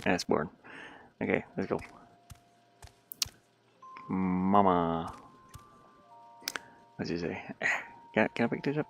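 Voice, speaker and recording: A man's voice: low-pitched, animated, a little fast, creaky, soft background music. A man casually commenting while he plays his own game, rambling in mumbled asides.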